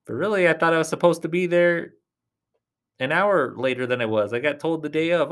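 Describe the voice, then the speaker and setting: A man's voice: a little high, fairly quick, fairly bright tone. Chatty rambling man hosting a podcast. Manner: rambling, chatty, talks straight to listeners with a reassuring tone. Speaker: podcast host. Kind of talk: casual solo podcast chat.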